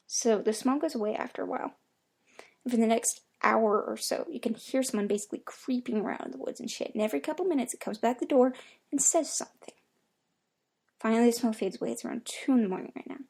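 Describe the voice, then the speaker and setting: A young woman narrating a creepypasta horror story in a casual, profanity-laden storytelling manner. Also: fairly high pitch. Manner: casual storytelling with heavy swearing. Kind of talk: creepypasta reading.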